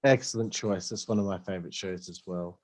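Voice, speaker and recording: A man's voice: low voice, brisk. A man hosting a podcast, asking short questions and reacting briefly. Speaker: podcast host. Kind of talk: casual podcast interview.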